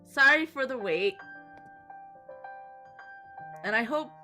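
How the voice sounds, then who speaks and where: A woman's voice: fairly high pitch, expressive, slow pace. A woman streamer chatting casually with her viewers, rambling and apologizing often. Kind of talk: casual live-stream chat. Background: soft background music.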